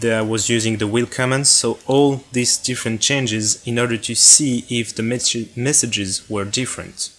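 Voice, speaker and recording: A man's voice: medium pitch, fairly bright tone. A man with a French accent narrating a step-by-step tutorial on his own hobby electronics project, in a plain explanatory way.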